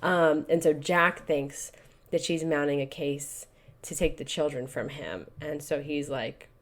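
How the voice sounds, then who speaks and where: A woman co-hosting a podcast sums up a novel's plot in a measured, low-pitched voice. Her book-club chat is casual, with plenty of "like" and "you know" thrown in.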